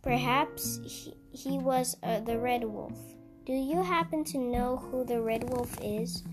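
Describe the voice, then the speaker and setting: A woman reading a brave Roman boy's lines, earnest and hesitant, over guitar music. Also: fairly high pitch. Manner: earnest, hesitant, read haltingly. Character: brave young Roman boy.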